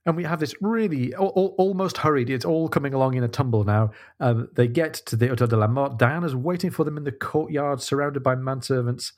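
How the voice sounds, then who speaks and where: A man co-hosting a casual book discussion podcast, reading passages aloud with feeling between halting restarts. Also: medium pitch, darkish tone. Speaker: podcast co-host.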